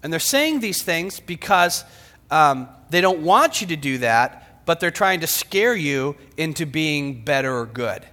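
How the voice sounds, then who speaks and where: A man preaching a sermon, dramatic, swinging from shouts to whispers. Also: fairly high pitch, big pitch swings, a little slow. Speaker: pastor. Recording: long hall reverb.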